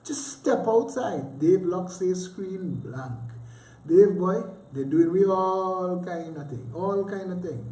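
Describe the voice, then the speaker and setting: His voice sits high with a dark tone, and he's animated but takes his time. Hosting a livestream, the Trinidadian man rambles casually in heavy dialect with teasing, sarcastic asides, recorded in an echoey room.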